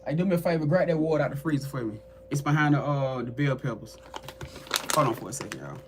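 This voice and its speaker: A man hosting a tarot livestream, telling a personal story in a casual, animated way, swearing freely and talking straight to his viewers. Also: medium pitch, quick pace, a little hiss or hum. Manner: animated, profane, addresses viewers as y'all. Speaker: tarot reader and livestream host.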